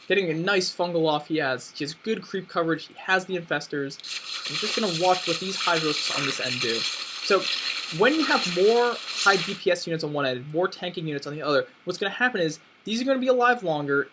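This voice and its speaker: Young man, game commentary, casual, rambling, higher voice, slight background hiss. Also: animated, brisk. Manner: rambling, restarts often, thinks aloud. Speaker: gameplay commentator.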